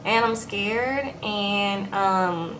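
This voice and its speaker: A woman's voice: medium pitch, very slow, a bit bright, a little hiss or hum, low-quality recording. A woman voicing a worried young woman who hesitantly confides in a friend. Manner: hesitant, anxious.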